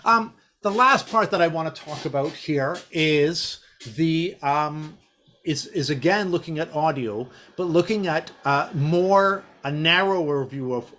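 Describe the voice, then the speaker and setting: A man's voice: a little high, a bit bright. A man giving a casual teacher-training talk, rambling with lots of fillers and restarts. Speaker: teacher trainer presenting a session.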